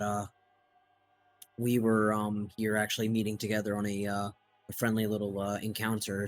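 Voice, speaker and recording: A man playing a tabletop game, speaking in character in a formal, halting way with many pauses. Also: lowish voice, poor audio. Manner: formal and slow, many hesitations. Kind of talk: in-character roleplay speech.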